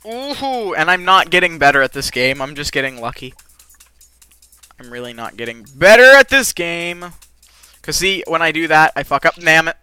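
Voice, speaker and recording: A let's play gamer giving live commentary who rages and swears, with sudden yells between low muttering. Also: big pitch swings, normal speed, smooth, no echo. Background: faint game music.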